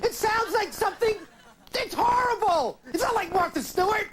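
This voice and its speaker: A shrieking diva actress. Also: female voice, very high-pitched, expressive, normal speed. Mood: furious. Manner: shrieking indignant tantrum. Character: shrill diva actress in a TV movie, woman. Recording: noisy clip from a TV broadcast.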